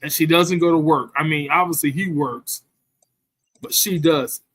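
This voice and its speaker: A man with a slightly higher voice tells a rambling, profane story in a loose, chatty way. He keeps tossing in "you know what I'm saying" between thoughts. The sound is dry and close, with no room around it. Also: a little slow, a bit bright, no echo. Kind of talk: casual storytelling rant.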